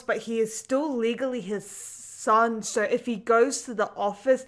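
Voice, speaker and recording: A woman's voice: a little high, a little slow, few pauses, a bit bright. A young woman reacting live to an anime, emotional and casual, swearing often and saying "like" a lot. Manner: emotional, swearing, frequent "like" fillers.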